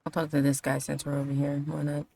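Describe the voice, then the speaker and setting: A woman streamer reacting loudly and emotionally while playing a game. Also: deep voice, monotone, quick pace, gravelly.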